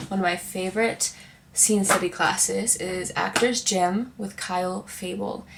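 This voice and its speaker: A young woman who works as an actor gives chatty, encouraging advice directly to the viewer in a casual vlog from her New York apartment. Her mid-range voice is creaky, and there is background noise.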